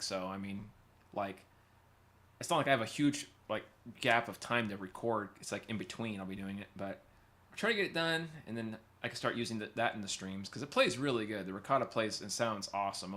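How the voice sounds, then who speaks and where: A man's voice: on the low side, fairly bright tone. A man, a guitar teacher, chatting casually on a livestream and reading viewer comments, rambling and laughing easily.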